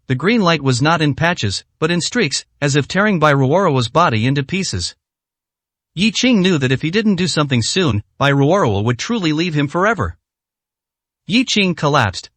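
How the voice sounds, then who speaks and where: A male narrator reading a serialized fantasy story in a steady, even storytelling manner. His voice is a bit high for a man. The sound is dry and close, with no room echo. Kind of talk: scripted narration.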